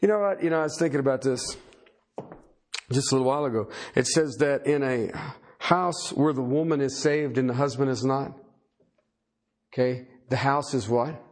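A man's voice: moderate pace, pauses often. A man preaching a sermon who rises on the scripture he reads and keeps asking his listeners questions. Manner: rises loud and high on scripture, asks the crowd questions.

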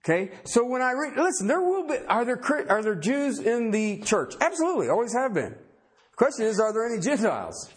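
A man's voice: very high voice, very animated, a little fast. A man preaching a sermon, talking conversationally and emphatically and firing rhetorical questions at the congregation.

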